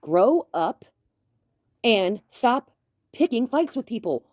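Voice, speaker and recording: A woman rants at someone, scolding and confrontational, with a slight lisp from a bitten tongue. Her voice is mellow and dark, and the recording is close and dry with no room sound. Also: on the high side, big pitch swings, slow pace, no room sound. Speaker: commentary YouTuber. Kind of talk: ranting commentary.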